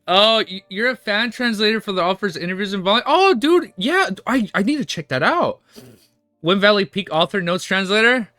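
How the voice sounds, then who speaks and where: A young man chatting on a live stream, excitable and restless, tripping over his words as he talks to his viewers. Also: sits high, moderate pace, no echo. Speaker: streamer reading and reacting to a web novel. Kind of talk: casual live-stream chat.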